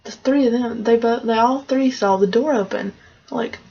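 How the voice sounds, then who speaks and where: A woman with a fairly high, husky voice retells a fairy tale in a loose, chatty way. The recording is muffled and lo-fi. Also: moderate pace, warm tone. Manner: loose, conversational retelling with fillers. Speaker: storyteller. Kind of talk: casual story retelling. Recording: dull lo-fi recording.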